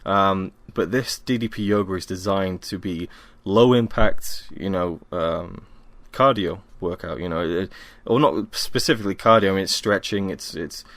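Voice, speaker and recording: A man's voice: deep voice, normal speed, few pauses, fairly bright tone, no room sound. A young man from Wales, hosting a casual solo podcast at home, rambling and self-deprecating with many ums, tired after a workout. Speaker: podcast host.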